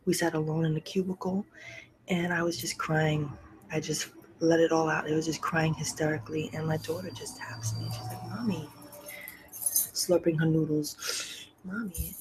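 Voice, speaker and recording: A middle-aged woman hosting a podcast, telling a personal story candidly and emotionally, often sinking to a soft, breathy near-whisper. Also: deep voice, flat delivery, fairly quick, noisy background. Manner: repeats phrases for emphasis, swears freely. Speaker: podcast host.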